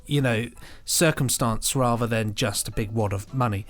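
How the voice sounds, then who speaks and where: Young male co-host, casual rambling chat, average pitch, loose and talkative. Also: moderate pace, faint music behind. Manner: chatty, rambling with restarts and fillers. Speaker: podcast co-host.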